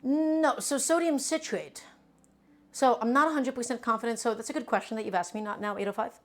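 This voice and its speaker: Chatty cooking streamer woman, fairly high voice. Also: a little fast. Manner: chatty, emphatic, addresses viewers as friends. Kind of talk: casual live cooking stream chat.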